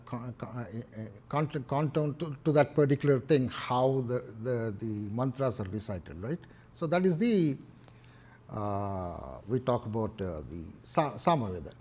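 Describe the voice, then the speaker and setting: A middle-aged man with an Indian English accent giving a devotional discourse, talking in a halting way with many fillers and restarts. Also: mid-range voice, mellow. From Hyderabad, India. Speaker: temple speaker.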